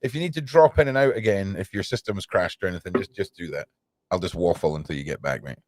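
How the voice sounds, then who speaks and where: A man's voice: sits low, quick pace, no echo. A man hosting a casual interview over a video call, talking in an easygoing, reassuring way. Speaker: host.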